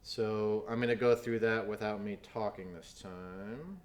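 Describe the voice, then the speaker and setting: A man's voice: lowish voice, unhurried. A man teaching snare drum in a video lesson, explaining technique patiently and counting aloud as he demonstrates.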